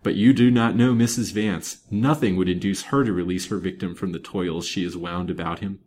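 A man's voice: deep voice, steady tone, moderate pace, darkish tone, a little hiss or hum, close to an everyday voice. A man voicing an elderly banker grieving his daughter, speaking in trembling, fervent exclamations. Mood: anxious.

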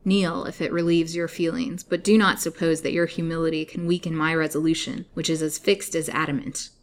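A woman voicing a cold, insistent young male suitor in a storybook reading, speaking forcefully. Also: sits low, little pitch movement, brisk, slight background noise, lightly acted. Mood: cold menace. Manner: forceful, imploring then menacing.

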